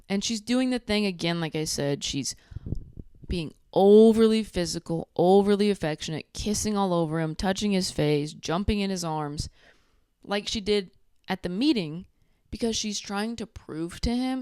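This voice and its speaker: A young woman recapping a reality show in a sarcastic, animated way, acting out what people said. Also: medium pitch, normal speed, no room sound, studio quality. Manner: sarcastic, animated, acts out quotes. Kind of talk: casual recap commentary.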